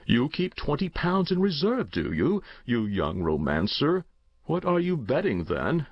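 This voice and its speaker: Man playing a jovial teasing uncle, hearty, swooping pitch, gravelly, dry lo-fi sound. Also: wildly swooping pitch, a little slow, dry recording, heavily acted. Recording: dull dry lo-fi recording.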